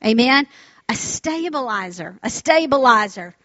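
A woman preaching a sermon with insistent repetition and calls for the congregation's response. Her voice sits fairly high. The recording is dry and slightly muffled. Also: lively intonation, unhurried, a bit bright, no room sound.

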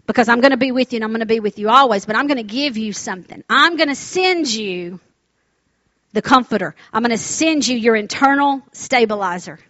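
A woman's voice: fairly high pitch, fairly bright tone, no echo, muffled recording. A woman preacher delivering a sermon in an emphatic, repetitive manner, often asking the congregation for an amen.

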